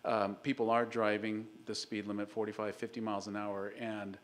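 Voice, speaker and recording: A man presenting as city engineer at a public meeting, measured and hesitant with fillers. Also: on the low side, level tone.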